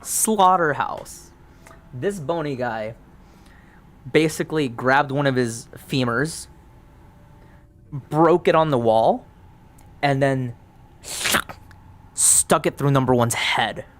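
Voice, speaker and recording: A man's voice: mid-range voice, slow, pauses often. A man casually narrating a solo tabletop game, thinking aloud through dice rolls with plenty of ums.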